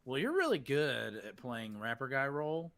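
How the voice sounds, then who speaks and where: A man's voice: medium pitch, sing-song, moderate pace, fairly bright tone. A man co-hosting a podcast, blunt and sarcastic, swearing freely in casual chat. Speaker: podcast co-host.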